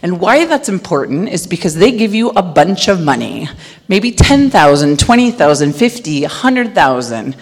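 A middle-aged woman giving a conference talk, loud and animated as she tells stories. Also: on the low side, normal speed. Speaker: conference speaker. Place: large conference hall. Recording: long hall reverb.

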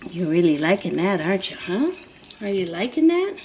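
A woman's voice: fairly low pitch, big pitch swings, moderate pace, a little mellow, a little hiss or hum. A woman talking in sing-song, doting baby talk to a puppy while she films it. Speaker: dog breeder filming a puppy.

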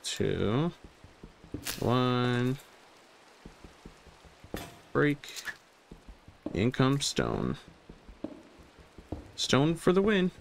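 A young male gaming host talks through his own gameplay in a gravelly, medium-pitched voice with huge pitch swings, drawn-out words, and frequent pauses, against slight background noise. He speaks to himself, repeats phrases, and reacts with jumpy exclamations.

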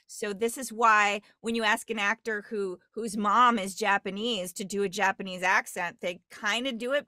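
A woman's voice: mid-range voice, dry recording, studio quality. Rambling woman with a Great Lakes accent. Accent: Great Lakes American. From US Great Lakes region. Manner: rambling, digressive, lively. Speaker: dialect coach and voice actress. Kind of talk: casual podcast interview. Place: at home on a computer, remote.

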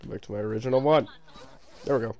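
A man voicing a deep male demon in a VR game chat, forcing a throaty, strained low voice. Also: quick pace, warm tone, natural voice, rough recording. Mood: growling.

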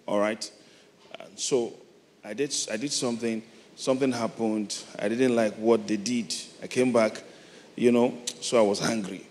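A middle-aged Nigerian man preaching a sermon, moving from soft, reflective storytelling to loud, emphatic calls. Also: lowish voice, steady tone, moderate pace. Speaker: pastor. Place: large church hall. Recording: long hall reverb, faint noise.

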